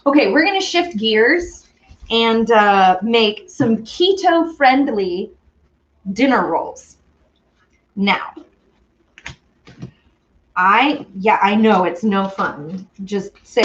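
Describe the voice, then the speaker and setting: A woman's voice: medium pitch, animated, slow, long pauses, muffled recording, noisy background. A woman hosting a casual baking stream, chatting bubbly with viewers and a small child. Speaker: baking show host. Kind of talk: casual baking livestream chat.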